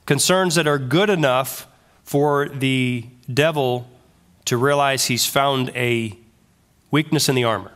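A male pastor preaching a sermon in an animated way, full of rhetorical questions. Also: mid-range voice, takes it slowly.

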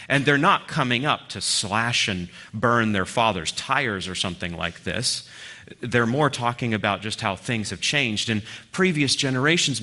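A man giving a sermon as a guest preacher, earnest, swinging between loud emphasis and near-whispered lines. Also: medium pitch.

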